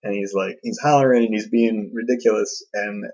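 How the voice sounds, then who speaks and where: Man, podcast host, casual storytelling, self-deprecating, filler-heavy, husky, dull recording. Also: fairly low pitch, steady tone, a little fast, darkish tone.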